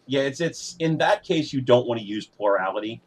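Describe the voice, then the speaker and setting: A man hosting a podcast in casual chat, relaxed and patient when he explains things, swearing offhandedly. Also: medium pitch, moderate pace. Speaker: podcast host.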